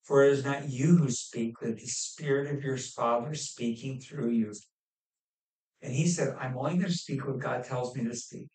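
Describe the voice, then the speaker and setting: A man preaching a sermon on a scripture passage, pausing often with fillers and restarts. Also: mid-range voice, darkish tone. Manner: halting, with many fillers and restarts. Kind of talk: expository sermon. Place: church hall. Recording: echoey room, mic at a distance.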